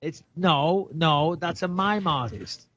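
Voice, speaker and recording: A playful English man hosting a chatty podcast, his voice sitting a little high. He rambles and teases his co-host, recorded close and dry. The sound is slightly dull, like podcast audio. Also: expressive, slow pace, fairly bright tone, no room sound. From England. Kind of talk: casual podcast chat.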